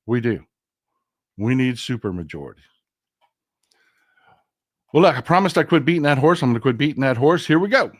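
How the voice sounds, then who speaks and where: A man hosting a casual political livestream, talking straight to his viewers in a profane, animated way and calling them folks. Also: medium pitch, brisk, long pauses, no echo, studio quality. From Texas. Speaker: political commentary host.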